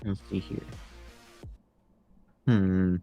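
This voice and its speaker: A man playing a tabletop game talks through his options aloud, slow and unhurried. His voice is gravelly, with a lot of fry, and it sits a little low. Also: flat delivery, dull audio, soft background music. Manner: musing, working things out aloud. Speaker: player.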